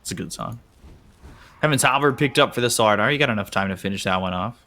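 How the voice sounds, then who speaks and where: A man's voice: on the low side, quick pace, pushed and bright. An American man casting a live esports match with playful, teasing banter on a headset. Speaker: esports caster. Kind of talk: live game commentary.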